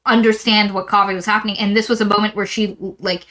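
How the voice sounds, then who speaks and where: A woman co-hosting a book podcast, recapping a novel in a rambling, animated way and acting out quotes from it. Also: medium pitch, fast talker, rough recording. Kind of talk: casual book discussion.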